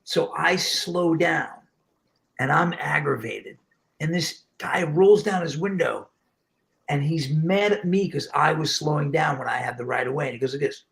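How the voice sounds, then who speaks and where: Male host, middle-aged, from New York; slightly raised gravelly voice, lively storyteller. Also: fairly high pitch, normal speed. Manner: animated storyteller, slips into voices. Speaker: show host. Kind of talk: casual storytelling chat.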